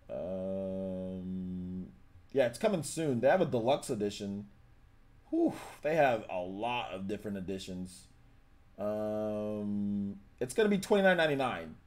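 A man's voice: lowish voice, a little mellow. A young man hosting a gaming livestream, chatting casually, reading viewer comments and news aloud with many fillers.

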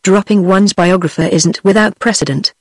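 A text-to-speech voice with a British English accent, set as a woman, narrating an audiobook in a steady, even reading. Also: medium pitch, normal speed, no room sound. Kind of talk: scripted narration.

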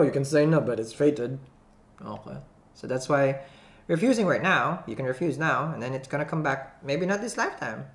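A tarot reader giving a casual, playful reading to camera, joking and laughing often between the cards. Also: mid-range voice. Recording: roomy echo.

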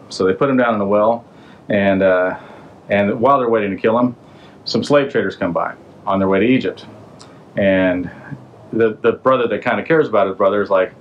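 A man's voice: lowish voice, brisk, highs cut off. A man hosting a podcast, retelling an old story in a casual, slangy way and throwing in rhetorical questions. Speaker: podcast host.

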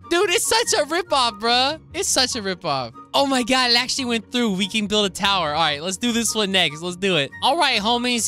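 A young man doing gaming commentary as a YouTuber, excitable and slangy, laughing often. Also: very high-pitched.

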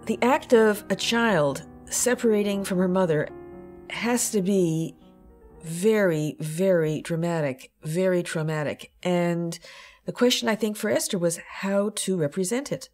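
Woman commentator, deliberate and analytical, lowish voice, clear music underneath. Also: a little mellow. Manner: deliberate, analytical, stressing words. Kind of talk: documentary commentary.

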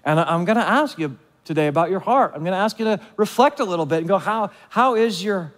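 A man's voice: sits high, expressive, rapid-fire, long reverb tail. A male pastor preaching a conversational sermon, asking his listeners questions and acting out what they might say. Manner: conversational, asks the audience questions; acts out quoted voices of listeners. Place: church.

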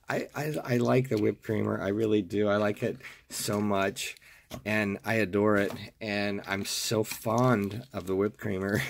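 Gravelly, hoarse man gushing. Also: fairly low pitch, fairly even intonation, unhurried, a little hiss or hum. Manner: gushing, repeats words with delight. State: hoarse, morning voice. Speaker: toy car collector and seller. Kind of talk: casual video showing off collectibles. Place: home desk.

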